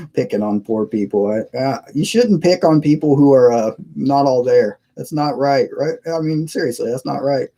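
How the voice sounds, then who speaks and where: A man's voice: medium pitch, dark tone. A man hosting a casual live stream from his computer, rambling and chuckling as he reads viewers' messages aloud. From United States. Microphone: cheap webcam mic.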